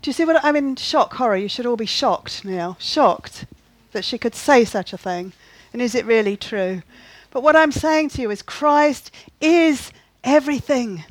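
A woman's voice: fairly high pitch, unhurried, dry recording, low-quality recording. A woman preaching a sermon in an earnest way, repeating key phrases and often asking the listeners whether they see what she means.

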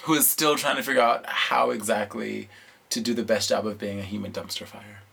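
A man's voice: lowish voice, steady tone, fairly quick, gravelly, bright, forceful tone, husky. A man co-hosting a casual podcast, telling a rambling, self-mocking story full of filler words and laughter. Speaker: podcast co-host. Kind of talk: casual chat, rambling anecdote.

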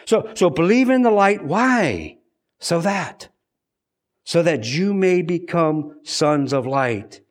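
High-voiced man preaching a sermon. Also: animated, slow. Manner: earnest, repeats words when stressing a point.

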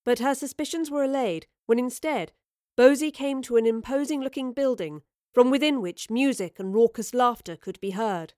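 A woman reading a scripted story aloud in a measured, expressive storytelling manner. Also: a little high, no echo, studio quality. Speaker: narrator. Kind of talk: scripted narration.

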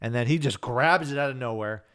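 Male podcast co-host, smooth resonant tone, laid-back and profane. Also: medium pitch, a little fast, a bit bright, dry recording, studio quality. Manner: laid-back, swearing, trails off mid-thought. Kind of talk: casual chat.

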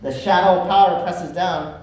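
A man's voice: high-pitched, steady tone, moderate pace, darkish tone, lo-fi sound. Man preaching in an echoey room, far off. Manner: conversational, asks "right?" often. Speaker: pastor. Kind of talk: sermon.

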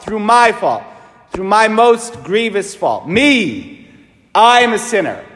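A man, a priest, preaching a sermon in an animated, emphatic way, asking his listeners rhetorical questions. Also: high-pitched. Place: large church. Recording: long church reverb.

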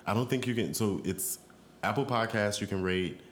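A man co-hosting a casual podcast, relaxed and easygoing, often laughing and pausing on fillers. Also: on the low side, slight background noise. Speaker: podcast co-host. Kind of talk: casual chat.

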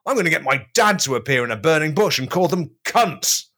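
A whiny, shouty Jesus, as a comic puts him on, voice pushed well above his usual pitch. Bratty and indignant, firing off complaints in a comedy podcast sketch. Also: lively intonation, fairly quick. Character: petulant, sweary male Jesus, flatmate.

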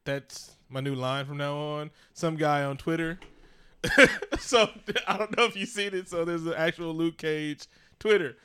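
A man co-hosting a podcast in casual chat, animated and laughing, swearing freely. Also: on the high side, unhurried, clear, resonant tone. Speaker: podcast co-host.

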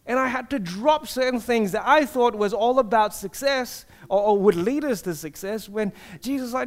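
A pastor with a notably high voice delivers a sermon at a moderate pace with few pauses. He speaks earnestly and personally, repeatedly putting rhetorical questions to his congregation.

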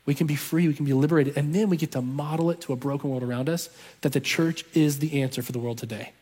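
A man's voice: on the high side, fairly even intonation, quick pace, darkish tone, husky. A man preaching a sermon, telling a story with passion and driving his points home through repetition. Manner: impassioned storytelling with emphatic repetition. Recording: long reverb of a large hall.

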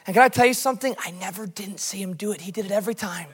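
Racing through his sermon, the American pastor recounts his missions experiences with passion, his high voice slightly rough. Long reverb from the church hall hangs on every word.

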